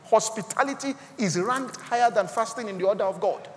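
A man with a Nigerian accent preaching a sermon as pastor, swinging from quiet asides to loud, rising exclamations. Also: sits high, brisk, big-room sound, a little hiss or hum. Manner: preaching with sudden loud rises and quiet drops.

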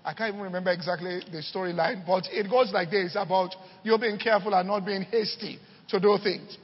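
High husky guy preaching, keeps saying all right, lots of hall reverb. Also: steady tone, a little fast, lo-fi sound. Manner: storytelling, repeats "all right" and "okay" to check on listeners. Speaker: pastor. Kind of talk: sermon.

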